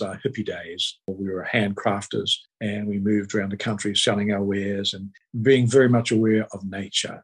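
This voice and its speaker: An older man speaks as an interview guest. His voice sits low and sounds a little husky. He rambles through his stories and pauses often on fillers. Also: rough recording. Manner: rambling storytelling with hesitant fillers. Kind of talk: relaxed conversational interview.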